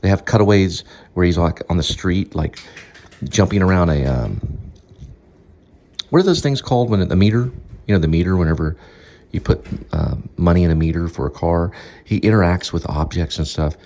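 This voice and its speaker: A man's voice: sits low, moderate pace, darkish tone. A man casually recommending something, rambling and searching for words as he talks.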